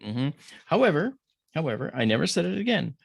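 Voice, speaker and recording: A man's voice: fairly high pitch, sing-song, brisk, creaky, slightly rough, no echo, clean studio sound. A middle-aged man as a podcast guest, telling a story in casual conversation and acting out the voices of the people in it.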